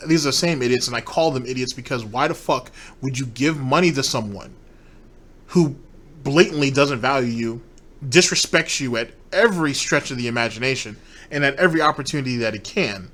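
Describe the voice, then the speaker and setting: A man's voice: mid-range voice, a little fast, a bit bright. A man ranting in commentary about a streamer and his fans, profane and scornful.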